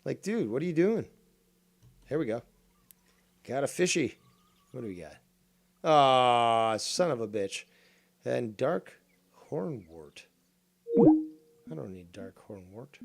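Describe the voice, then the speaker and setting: A man's voice: mid-range voice, big pitch swings, slow pace, creaky, pauses often. A man from Canada hosting a gaming stream, teasing and swearing as he rambles on a computer mic. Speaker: streamer host. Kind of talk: casual gaming stream chat.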